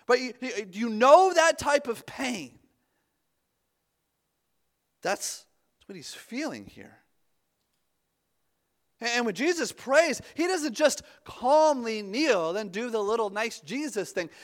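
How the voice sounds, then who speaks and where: A pastor preaching a conversational sermon, often restarting his words and dropping suddenly to a hush. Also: very high-pitched, lively intonation, takes it slowly, long pauses.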